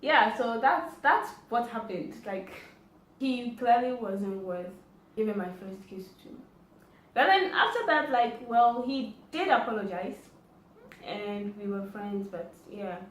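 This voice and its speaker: A woman's voice: on the high side, animated, slow, distant mic. A woman telling a story in a casual vlog, chatty and acting out the dialogue. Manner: chatty, acts out quoted dialogue. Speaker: vlogger. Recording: roomy echo, faint background noise.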